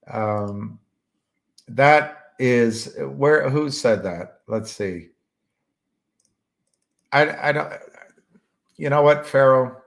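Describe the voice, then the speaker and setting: Man, low voice, slow unhurried delivery, casual rambling chat, halting, lots of ums and uhs. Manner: halting, searches for words with many fillers.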